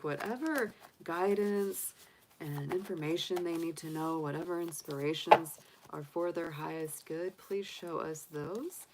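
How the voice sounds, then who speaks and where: Low-voiced chatty woman. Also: very noisy. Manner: chatty, upbeat, filler-heavy. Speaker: tarot reader. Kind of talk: casual livestream reading.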